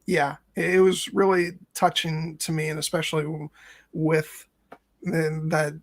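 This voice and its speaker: A man's voice: on the high side, level tone, unhurried, creaky. A man in his late thirties co-hosting a casual podcast discussion, talking in an earnest, reflective way with long winding sentences. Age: late 30s. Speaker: co-host, first-time viewer.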